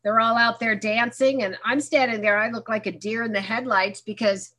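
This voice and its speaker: Bright-voiced woman telling her story frankly. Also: a little high, steady tone, normal speed. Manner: frank storytelling, acting out remembered dialogue with self-mocking humor. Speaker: speaker sharing her story at a recovery meeting. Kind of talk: candid personal testimony.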